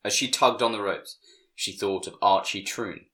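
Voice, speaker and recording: Male narrator, very low voice, measured storybook reading, hushes for dialogue. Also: steady tone.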